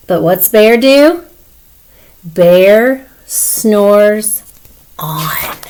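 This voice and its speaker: A woman reading a picture book aloud to young children as their teacher. She reads very slowly and expressively in a slightly high voice, stopping now and then to ask them questions. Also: low-quality recording.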